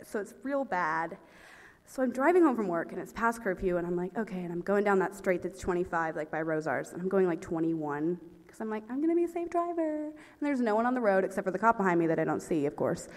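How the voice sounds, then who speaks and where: A young woman performing a stand-up story, talking in a breathless, excitable way and laughing at her own jokes. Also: lowish voice, fast talker. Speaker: stand-up comedian. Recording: reverberant hall.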